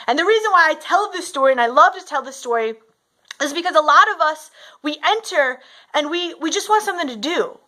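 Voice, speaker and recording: A woman's voice: sits high, animated, fairly quick, sharp tone. A woman coach giving a motivational talk, telling a story and often adding "right?". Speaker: fitness and mindset coach.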